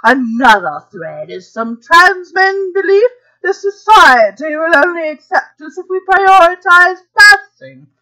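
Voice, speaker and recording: A woman hosts a casual live stream and reads an article aloud to her chat. Her voice sits high and bright. She takes her time with the words and drops into relaxed asides between passages. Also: measured pace, rough recording. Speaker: podcast host reading an article aloud.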